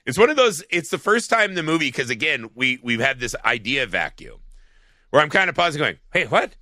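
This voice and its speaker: A man's voice: medium pitch, sing-song, a little fast, pushed and bright, dry recording, clean studio sound. A man co-hosting a podcast, talking casually and profanely about a film, rambling with lots of "like". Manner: rambling, profane, heavy use of "like". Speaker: podcast co-host.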